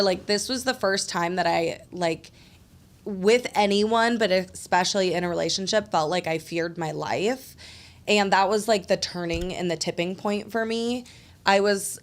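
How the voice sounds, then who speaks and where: A young woman hosting a podcast, telling a personal story in casual chat, full of "like" fillers and swearing. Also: mid-range voice. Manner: animated storytelling, heavy "like" fillers, frequent swearing. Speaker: podcast host.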